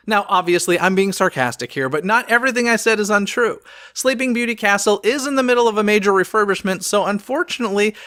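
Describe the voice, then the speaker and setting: A man's voice: high-pitched, fairly bright tone, dry recording, clean studio sound. A man hosting a podcast, reading a scripted news roundup in an upbeat way and dropping sarcastic quips.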